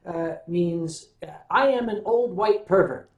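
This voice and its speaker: A man's voice: high-pitched, unhurried. An older American man hosting a casual livestream. He tells rambling, wry stories, hums to himself between thoughts, and answers viewers' questions. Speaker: livestream host. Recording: roomy echo.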